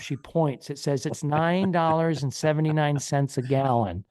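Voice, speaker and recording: A man's voice: a little high, normal speed, darkish tone, no echo, clean studio sound. A man co-hosting a comedy podcast, telling a long rambling story in casual chat and acting out the people in it. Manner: rambling anecdote, acts out quoted people. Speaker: podcast co-host.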